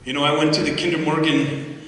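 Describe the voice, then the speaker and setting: A man's voice: a little high, little pitch movement, brisk, fairly bright tone. A middle-aged man giving a storytelling speech to an audience, humorous and anecdotal, retelling conversations as dialogue. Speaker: speaker at a community assembly. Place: large hall. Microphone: far room microphone. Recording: echoey hall from far off, faint crowd and noise.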